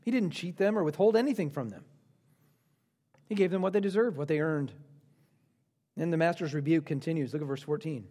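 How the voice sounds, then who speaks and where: A man preaching a sermon, swinging dramatically between lively and hushed delivery. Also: a little high, fairly quick, pauses often.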